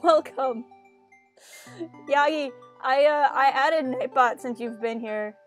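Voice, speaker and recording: A woman's voice: sits high, slow pace, fairly bright tone, soft background music. A woman live-streaming a game, chatting casually and self-mockingly with her viewers and laughing often.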